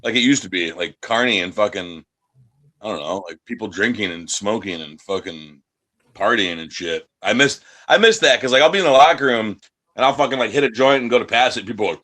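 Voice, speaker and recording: A man's voice: on the low side, lively intonation, brisk, bright, forceful tone. A man from the United States, an independent wrestler, talking in a casual interview, brash and profane, acting out other people's voices in his stories.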